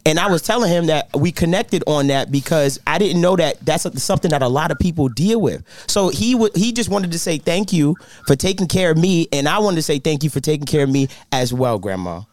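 A man's voice: a little high, fairly quick, hardly any pauses, no room sound. A man co-hosting a podcast, chatting casually and telling stories with jokes. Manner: joking, animated storytelling. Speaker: podcast co-host.

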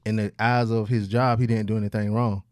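A man's voice: on the low side, level tone, brisk, a little mellow, no room sound, studio quality. A man in a casual podcast chat, arguing his point with confidence in loose slang.

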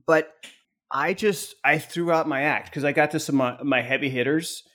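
A man's voice: on the high side, normal speed. Man telling a rambling comedy story. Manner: storytelling, animated, lots of fillers. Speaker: podcast co-host. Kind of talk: casual chat.

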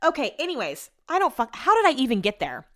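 A woman's voice: sits high, huge pitch swings, fast, fairly bright tone. Profane, rambling woman telling a story. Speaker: vlogger. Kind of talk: casual storytime rant.

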